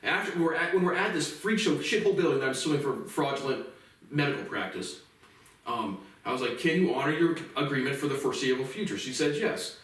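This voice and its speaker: A man's voice: mid-range voice, expressive, brisk, fairly bright tone. A man in his late twenties ranting bitterly to camera in a profane personal monologue. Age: late 20s. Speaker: vlogger. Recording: echoey room from far off.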